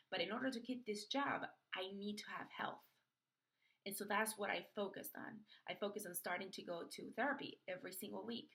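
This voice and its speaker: A young woman hosting a podcast, telling a personal story in an animated way and acting out the voices of others in it. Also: medium pitch, creaky. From Florida. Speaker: podcast host.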